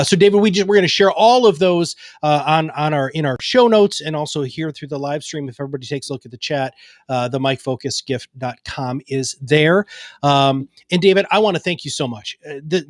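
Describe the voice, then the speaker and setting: A male show host, upbeat and appreciative as he speaks to his guest. His voice sits a little on the high side, and the sound is dry and close. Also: brisk, no room sound. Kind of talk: interview hosting.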